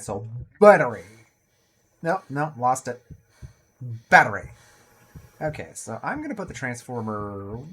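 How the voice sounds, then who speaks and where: Lively, playful man narrating gameplay. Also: on the high side. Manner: chatty, playful, jokey asides. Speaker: gaming video creator. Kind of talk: casual let's-play commentary.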